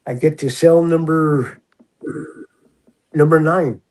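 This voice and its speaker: A man in his sixties, a retired prison officer, telling stories in a relaxed, chatty way and acting out the voices of others. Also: a little high, takes it slowly, rough recording. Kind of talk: casual storytelling.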